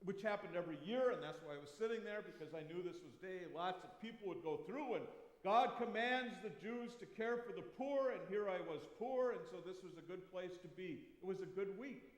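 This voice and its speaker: A man preaching a first-person dramatic monologue, telling the story with long pauses and sudden shifts between soft and loud. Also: high-pitched, lively intonation. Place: church sanctuary. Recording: echoey church with long reverb.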